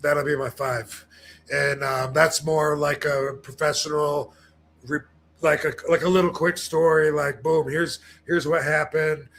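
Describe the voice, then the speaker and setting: A man's voice: a little high, little pitch movement, a little slow, gravelly, a bit bright. A man talking casually on a podcast, rambling with many fillers and restarts and acting out the people he quotes.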